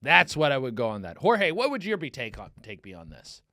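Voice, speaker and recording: A man's voice: mid-range voice, huge pitch swings, a little fast, sharp tone, no room sound, studio quality. A man hosting a casual comedic podcast, telling rambling dating stories full of swearing and fillers, and acting out the people he quotes. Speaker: podcast host.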